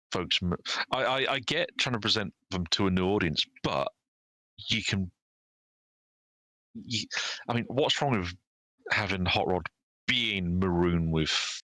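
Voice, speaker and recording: Man, podcast co-host, very low voice, bright edge, wry casual chat. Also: no echo, poor audio.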